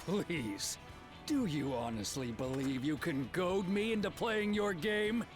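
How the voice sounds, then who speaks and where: A high, sing-song cornered outlaw, stammering and sly, game voice over music. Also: male voice, lively intonation, slow pace. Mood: scornful. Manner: stammering, pleading, turns to a low growl. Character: cornered male outlaw, whiny then menacing.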